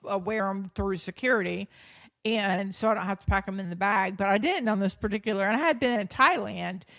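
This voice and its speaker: A woman hosting a podcast, telling a personal story in an animated, self-deprecating way, often laughing mid-sentence and acting out past thoughts. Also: medium pitch, brisk, creaky, no echo, clean studio sound. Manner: acts out her own past thoughts and others' speech; frequent restarts and fillers. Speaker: podcast host.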